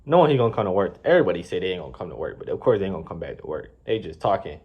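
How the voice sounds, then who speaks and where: A man's voice: deep voice, animated, racing, breathy edge, narrow, tinny audio. A man in his twenties telling a casual, slangy story with plenty of swearing and rambling asides. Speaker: vlogger. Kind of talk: storytime vlog.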